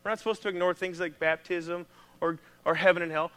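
A man with a Midwestern American accent, a pastor preaching a sermon in a conversational, animated way. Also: sits high, a little fast, smooth.

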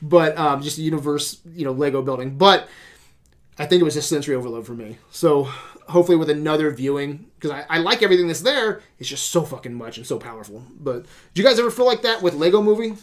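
On a casual podcast, a male host reviewing movies launches into a profane rant, swearing a lot and sounding exasperated. His voice is fairly high-pitched, animated and fast.

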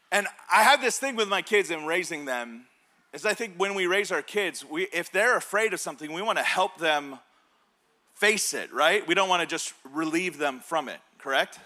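A man in his thirties, a pastor preaching a sermon through a personal story, told in an animated way with laughs. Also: a little high.

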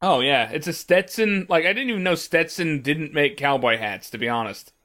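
A man's voice: fairly high pitch, animated, normal speed, a bit bright. Joking, profane podcast guy from Missouri. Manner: joking, profane, stammering restarts. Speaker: podcast co-host. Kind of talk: casual podcast chat.

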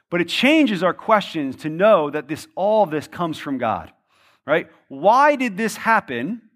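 High-voiced pastor preaching conversationally. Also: male voice, a bit bright. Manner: conversational preaching, frequent tag questions "right?"; repetitive rhetorical questioning. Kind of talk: sermon.

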